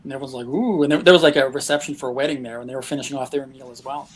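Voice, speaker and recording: A man's voice: mid-range voice, rapid-fire. A man, a guest telling travel stories in a casual interview, breaking into chuckles. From Canada. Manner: lively anecdotes, chuckles often.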